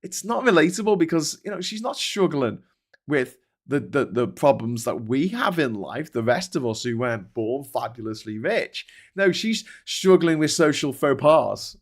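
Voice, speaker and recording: A man's voice: fairly high pitch, big pitch swings, normal speed. A man hosting a casual chat, ranting and swearing freely as he answers viewers. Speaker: host.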